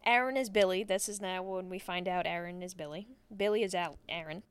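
A woman's voice: lowish voice, a little fast, clear, resonant tone. A woman co-hosting a podcast in casual chat, retelling a film's plot in a slangy, profane, rambling way with frequent self-corrections. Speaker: podcast co-host recapping a film.

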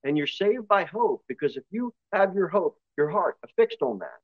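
A man with a Northern US accent, a pastor giving a sermon in a conversational style with quick asides and voiced impressions. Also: high-pitched, sing-song, no room sound, dull audio. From northern United States.

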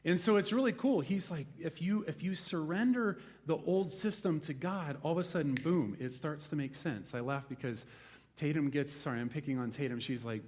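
A middle-aged man preaching a sermon in a conversational, animated way, acting out the voices in his stories. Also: a little high, normal speed. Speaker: pastor.

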